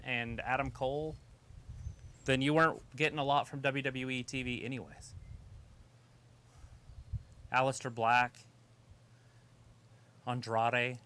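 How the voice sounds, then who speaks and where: A man's voice: medium pitch, sharp tone, smooth. A man co-hosting a live wrestling watch-along, chatting casually, joking and calling the action. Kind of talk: casual live commentary chat.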